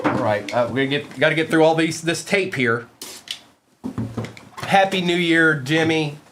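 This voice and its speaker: A man's voice: fairly high pitch, normal speed, background noise. A man hosting a live card-break stream, calling out cards while chatting and joking with his viewers. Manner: joking, playful asides to chat.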